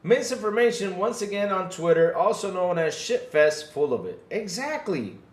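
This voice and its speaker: A man's voice: sits high, sing-song, moderate pace, roomy sound. A man hosting a casual livestream podcast, talking animatedly, swearing freely and acting out what others say. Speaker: podcast host.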